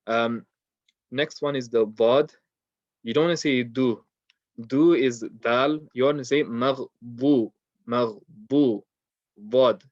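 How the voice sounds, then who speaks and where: A man's voice: mid-range voice, no room sound. A man teaching Quran recitation rules in an online lesson, explaining in an easy way with many ums and modelling the sounds himself. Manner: relaxed explaining with frequent ums, demonstrating sounds. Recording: dull lo-fi dry recording.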